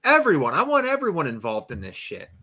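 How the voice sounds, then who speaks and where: A young man co-hosting a podcast in loud, profane, playful chat that swings between shouting and mumbling. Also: a little high, wildly swooping pitch, a little fast. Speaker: podcast co-host. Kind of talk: casual chat.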